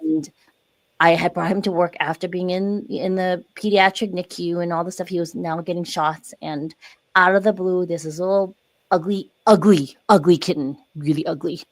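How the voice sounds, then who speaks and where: A middle-aged woman, a podcast guest, telling personal stories in casual chat and acting out her own past words with lively emphasis. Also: on the low side, moderate pace. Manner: animated storyteller, acts out her own voice in quotes. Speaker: guest, dance wellness coach.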